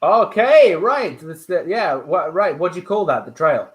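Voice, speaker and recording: A man's voice: sits high, sing-song, a little slow. A man improvising comedy, quizzing and prodding his scene partner with frequent laughter.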